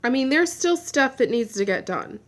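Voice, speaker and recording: A woman's voice: high-pitched, very animated, moderate pace. A woman giving a personal video update, venting in a frustrated, blunt rant with some swearing. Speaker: vlogger.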